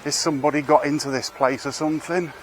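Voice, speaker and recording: A man's voice: fairly high pitch, fairly even intonation, quick pace, a little hiss or hum. Wry rambling Englishman on a street walk. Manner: rambling, wry, swears casually. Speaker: street vlogger. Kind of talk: casual walking commentary. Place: outdoors on town streets.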